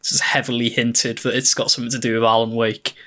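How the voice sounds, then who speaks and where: A man's voice: mid-range voice, flat delivery, fast talker, pushed and bright. A man co-hosting a game podcast from home over the internet, chatting casually and adding agreeable facts. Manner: agreeable, informative backchannels. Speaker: podcast co-host. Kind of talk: casual chat.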